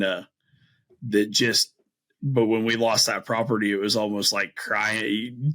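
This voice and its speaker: A middle-aged bowhunter and string maker, appearing as a podcast guest, has a low yet bright voice with a forceful tone, captured in poor audio. He tells his story casually and with gusto, mimicking his own reactions among many fillers.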